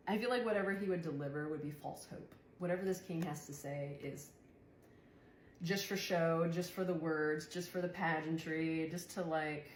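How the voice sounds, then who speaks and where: A young woman giving a chatty tarot reading who swears and laughs often. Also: low voice. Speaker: tarot reader. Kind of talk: casual tarot reading monologue. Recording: echoey room, faint background noise.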